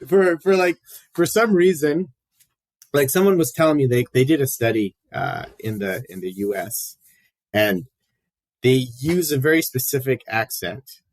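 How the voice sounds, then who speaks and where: A man's voice: mid-range voice, expressive, a little slow. A man hosting a podcast in casual chat, talking in a rambling way with lots of fillers. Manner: chatty, rambling, frequent fillers. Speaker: podcast host.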